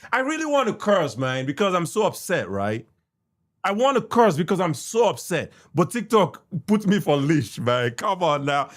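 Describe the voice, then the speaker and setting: A young man with a Nigerian accent rants in a podcast, indignant and repetitive, cursing as he goes. His voice sits high and swings widely in pitch. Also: a bit bright. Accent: Nigerian English with pidgin. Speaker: podcast host reacting to an interview. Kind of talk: ranting commentary.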